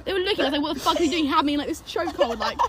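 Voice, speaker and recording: A woman's voice: sits high, racing, a loud crowd. A young woman, a student, chatting as a podcast guest and telling work stories with lots of swearing. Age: young adult. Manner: animated, swearing storyteller. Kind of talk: casual chat.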